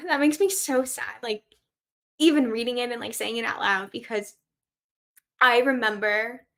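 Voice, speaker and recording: A woman's voice: a little high, creaky, a bit bright. A young woman hosting her own podcast, talking casually and emphatically to listeners, laughing often. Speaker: podcast host. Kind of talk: casual solo podcast talk.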